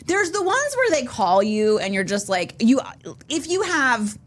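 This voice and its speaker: A woman's voice: fairly high pitch, big pitch swings, unhurried. A young adult woman co-hosting a podcast, telling a story in casual chat, full of fillers and restarts. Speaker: podcast co-host.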